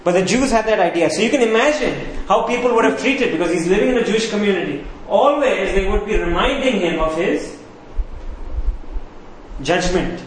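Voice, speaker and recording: A man's voice: sits high, slight background noise. A man preaching a sermon, who asks his listeners questions and repeats key phrases. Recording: very echoey room with faint ambience.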